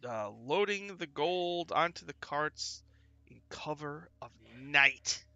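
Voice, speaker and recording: A man running a tabletop game as game master, narrating in a loose, halting way with many fillers. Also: fairly high pitch, lively intonation, vocal fry, sharp tone, no echo, highs cut off.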